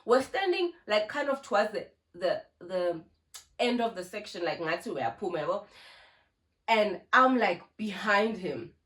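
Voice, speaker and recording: A young South African woman with a South African accent tells a casual storytime to her phone camera, lit by a ring light, sprinkling in Zulu words. She's a YouTuber, and her mid-range voice is very animated and fairly bright, though her pace is a little slow.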